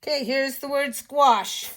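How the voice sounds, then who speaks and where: An older woman teaching children phonics, slowly and patiently sounding out words and letters. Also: sits high, fairly bright tone.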